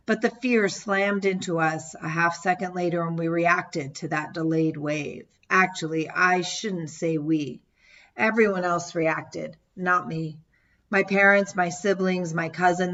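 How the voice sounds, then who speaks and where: A woman reading a first-person memoir as an audiobook narrator, measured and steady, now and then raising her voice for quoted shouts. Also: on the low side. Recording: dull lo-fi audio.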